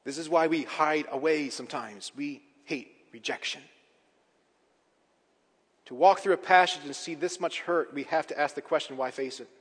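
A man preaching a sermon as a pastor, emphatic, with big swings in pitch and loudness. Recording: reverberant hall.

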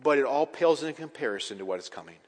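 Male pastor, emphatic sermon, sweeping pitch and volume, long hall reverb. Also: animated, rapid-fire. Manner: emphatic preaching with sweeping pitch and loudness swings.

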